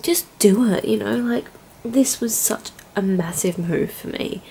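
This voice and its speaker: A young woman talks straight to camera in a casual home vlog, rambling and chatty. Her voice sits at an everyday middle pitch. She speaks in an open, heartfelt way. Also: unhurried, gravelly, mellow, slight background noise. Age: young adult. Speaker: au pair vlogger. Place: indoors at home.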